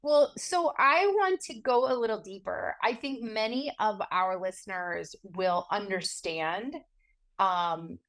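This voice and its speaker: A woman's voice: mid-range voice, takes it slowly, fairly bright tone. A woman co-hosting a podcast, introducing and encouraging her guest in an easy conversational manner. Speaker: podcast co-host. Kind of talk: conversational interview.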